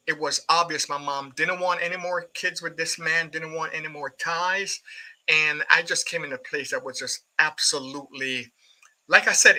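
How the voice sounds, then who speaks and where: A man's voice: on the high side, sharp tone, poor audio. A middle-aged Jamaican man, a guest poet, earnestly telling his personal story and acting out remembered speech. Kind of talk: personal testimony in an interview.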